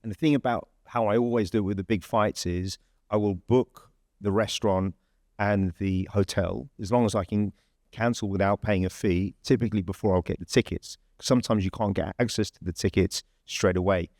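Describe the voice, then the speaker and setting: An English man with a fairly low voice tells a story in a loose, conversational way. He restarts sentences and leans on fillers as he goes. The sound is close and dry. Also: fairly even intonation, moderate pace, darkish tone, no echo. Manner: chatty, rambling storyteller with many fillers and restarts. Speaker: podcast host. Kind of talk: casual anecdote telling.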